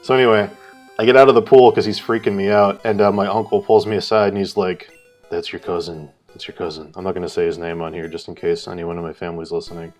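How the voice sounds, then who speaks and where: Guy on a livestream telling a long story, low voice, swears a lot, bursts into loud quotes. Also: fairly even intonation, quick pace, faint music behind. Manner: rambling, swears, acts out quotes loudly. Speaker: co-host of a live art stream. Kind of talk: casual storytelling chat.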